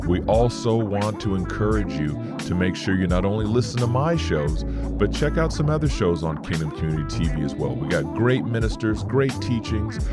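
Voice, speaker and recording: A middle-aged man, a podcast host and minister, praying earnestly and then signing off his show with heartfelt repetition. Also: fairly low pitch. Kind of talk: spoken prayer and podcast sign-off. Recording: loud guitar music behind. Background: loud guitar music.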